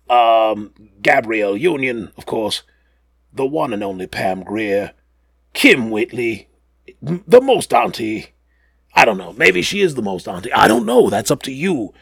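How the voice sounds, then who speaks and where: A man's voice: mid-range voice, gravelly, breathy edge, no room sound, studio quality. A man hosting a podcast in casual chat, rambling and joking while getting over the flu. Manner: animated, rambling, jokey asides. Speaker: podcast host.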